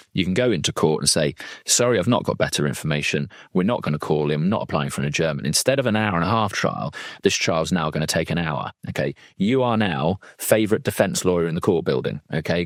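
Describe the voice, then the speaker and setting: A man's voice: deep voice, no echo, studio quality. A man, a legal trainer and former defence lawyer, talking through a case in a chatty, digressive way with plenty of asides. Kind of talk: conversational legal training talk.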